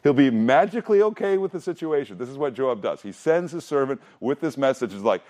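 Man, pastor, casual sermon delivery with rhetorical questions and quick acted asides. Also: mid-range voice, expressive, darkish tone. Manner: conversational, asks rhetorical questions, laughs often.

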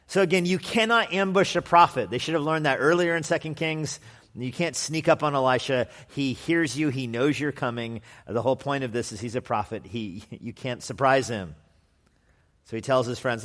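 A man preaches a sermon with a relaxed, conversational delivery, breaking into animated voices for the people in the story. His voice sits at a middle pitch and carries a long reverb, as if filling a large hall. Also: moderate pace. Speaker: pastor.

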